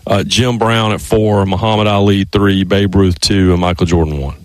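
A man's voice: on the low side, fairly even intonation, normal speed, no echo. A man hosting sports talk radio in a studio, a rambling storyteller who keeps restarting his sentences.

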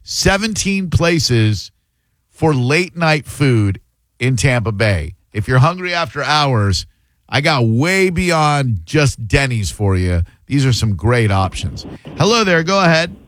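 A man's voice: medium pitch, big pitch swings, slow, fairly bright tone, no room sound. A man hosting a casual radio talk show, joking around loosely with a laugh in his voice, on a studio mic. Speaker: radio host.

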